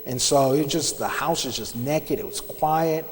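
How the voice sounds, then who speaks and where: Halting man testifying in a reverberant church. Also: a little high. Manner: conversational, halting storytelling with frequent restarts. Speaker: church member giving testimony. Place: church sanctuary. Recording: long reverb of a large church hall.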